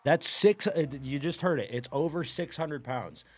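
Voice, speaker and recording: A man who coaches powerlifters, talking excitedly and emphatically in a reaction video and swearing a lot. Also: fairly high pitch, normal speed.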